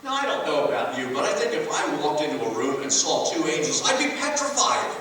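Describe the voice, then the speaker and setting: A man's voice: a little high, very animated, fast, a bit bright, a little hiss or hum. A man preaching a sermon as pastor, conversational, and his voice rises for emphasis. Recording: echoey church hall from far off.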